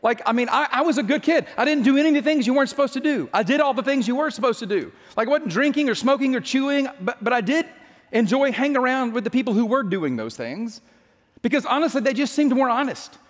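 High-voiced man telling a joking sermon story. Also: lively intonation, quick pace, long reverb tail. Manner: chatty, joking storyteller with frequent restarts. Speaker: pastor.

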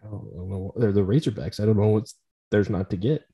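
A man co-hosting a casual whiskey-tasting podcast, loud and joking. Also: a little fast. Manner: loud, joking, swings his pitch widely. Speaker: podcast co-host.

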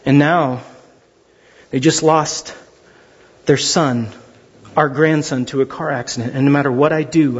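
Pastor guy preaching, highish husky voice, lots of hall reverb, kinda muffled sound. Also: moderate pace. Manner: animated storytelling, voices quotes. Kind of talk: sermon. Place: large church hall.

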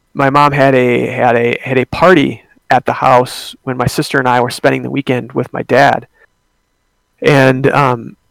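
A man's voice: medium pitch, gravelly, no room sound. A young man telling a personal ghost story in a casual, rambling way, with many fillers and restarts.

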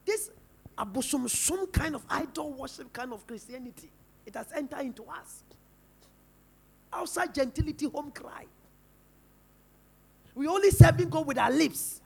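A man's voice: very high-pitched, expressive, normal speed, vocal fry, long pauses, a little mellow. A man with a Ghanaian English accent preaching a sermon in church, firing rhetorical questions at the congregation. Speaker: pastor.

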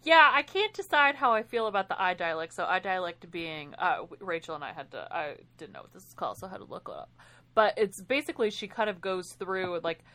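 Lady on a book podcast, lively, laughs a lot as she goes. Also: lowish voice, brisk. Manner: animated, laughs often. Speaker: podcast co-host. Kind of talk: casual book discussion.

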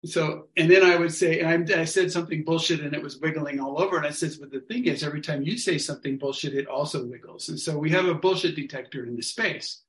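A man casually telling a story to an online study group, acting out what people said in lively quotes. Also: on the high side, fast, few pauses. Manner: animated, acts out other people's lines. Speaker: workshop leader telling a story. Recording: echoey room sound.

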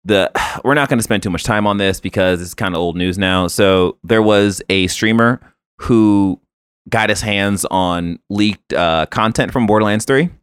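A man's voice: fairly low pitch, measured pace, smooth, no room sound, studio quality. A man co-hosting a casual gaming news podcast, reading headlines and then joking about them in a laid-back way. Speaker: podcast co-host.

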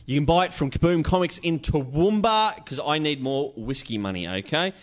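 A man's voice: a little high, lively intonation, moderate pace. An Australian man hosting a podcast in casual banter, rambling, swearing and laughing as he talks. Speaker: podcast host.

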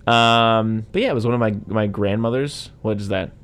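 Man, lowish voice, casual movie chat, rambling, lots of fillers and asides. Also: moderate pace, fairly bright tone, clear, resonant tone. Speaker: podcast co-host.

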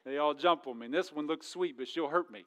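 A middle-aged man, a pastor preaching a sermon in a church, jokey and animated, swinging between loud and hushed. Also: fairly high pitch, quick pace, slight background noise. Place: church sanctuary.

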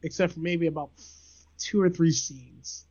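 A man chatting on a podcast, animated and laughing often. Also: fairly high pitch, a little slow, no room sound, muffled recording. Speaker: guest podcast co-host. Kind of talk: casual podcast chat.

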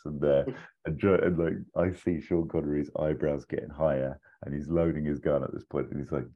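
A man with a very low, dark and mellow voice rambles through a made-up film plot. He chats casually as a podcast co-host and acts out the quoted lines. The sound is dull and lo-fi. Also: brisk. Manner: rambling, animated retelling with quoted lines and laughs. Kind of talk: casual storytelling chat.

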